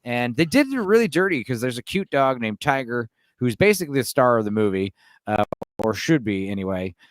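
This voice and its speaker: A man's voice: mid-range voice, very animated, a little fast, no room sound. A man talking casually as a guest on a film chat show, rambling with plenty of "like" and "you know".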